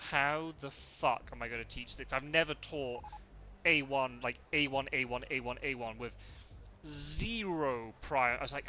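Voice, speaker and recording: A man's voice: mid-range voice, pushed and bright. A man chatting casually while he streams a game live, telling rambling stories with frequent laughs and the odd swear word.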